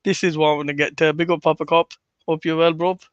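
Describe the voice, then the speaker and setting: A man's voice: a little high, little pitch movement, quick pace, clean tone, no echo, lo-fi sound. A man hosting a casual livestream, commenting bluntly and mockingly with frequent swearing. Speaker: livestream host.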